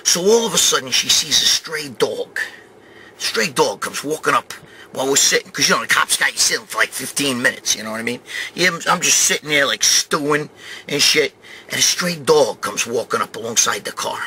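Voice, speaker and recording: Foul-mouthed animated storyteller, man in his fifties. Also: medium pitch, a little fast, a little hiss or hum. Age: 50s. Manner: swears constantly, animated streetwise storytelling. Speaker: show host. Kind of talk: profane rambling anecdote.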